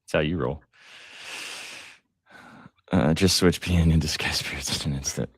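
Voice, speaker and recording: A deep-voiced man hosting a live betting stream, chatty and excitable, throwing in jokes and ums. The sound is close and dry, with no room around it. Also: normal speed, breathy edge, dry recording. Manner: excitable, joking, lots of fillers. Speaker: sports betting show host.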